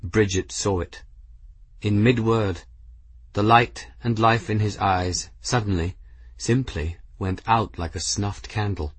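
Husky low-voiced male narrator. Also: fairly even intonation, takes it slowly, no echo. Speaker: audiobook narrator. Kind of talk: scripted narration.

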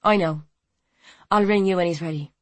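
Woman voicing a gentle, diplomatic woman. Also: lowish voice, normal speed, no echo, natural voice. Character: tactful, diplomatic middle-aged woman.

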